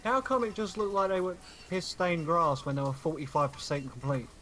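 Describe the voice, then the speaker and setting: A man's voice: fairly high pitch, steady tone, brisk, a bit bright, a little hiss or hum. A man casually chatting with friends while livestreaming a game, swearing freely and laughing at his own jokes. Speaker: streamer host. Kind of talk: casual gaming chat.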